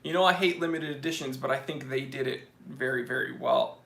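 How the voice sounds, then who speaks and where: A man's voice: mid-range voice, brisk, gravelly, fairly bright tone. A man hosting a casual live stream Q&A, chatting and joking while reading out viewer comments. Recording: echoey room.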